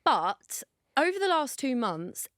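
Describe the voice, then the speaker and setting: A woman's voice: sits high, big pitch swings, slow pace, a bit bright, dry recording, studio quality. A woman co-hosting a podcast in casual chat, bubbly and chatty. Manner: bubbly, chatty, laughs easily. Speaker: podcast co-host.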